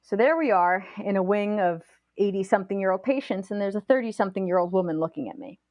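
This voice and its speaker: A woman guest on a podcast, retelling a personal story in an animated, fast-flowing way full of "like" fillers. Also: medium pitch, no echo.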